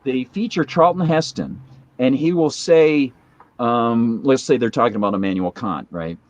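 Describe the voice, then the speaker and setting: A man's voice: mid-range voice, moderate pace, a little mellow, lo-fi sound. A man in his forties, a guest in a casual chat, telling a long story full of fillers and asides. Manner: rambling anecdotal storytelling with many fillers.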